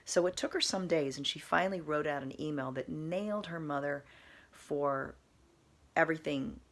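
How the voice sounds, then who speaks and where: Low, gravelly-voiced woman telling a story. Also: normal speed. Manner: earnest, meandering with restarts and soft emphatic repetition. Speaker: vlogger. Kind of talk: casual storytelling to camera.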